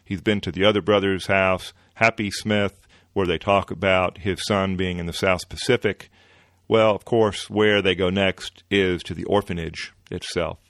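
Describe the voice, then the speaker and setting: A man hosting a podcast, retelling an old comic-book story in a relaxed way with many fillers. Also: low voice, moderate pace, no echo, studio quality. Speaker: podcast host.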